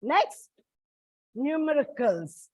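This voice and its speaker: Slow, high-voiced woman teacher. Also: sing-song, dry recording. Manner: slow, deliberate explaining, addresses students as children. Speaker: English teacher. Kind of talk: classroom lecture on word stress. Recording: dull lo-fi dry recording.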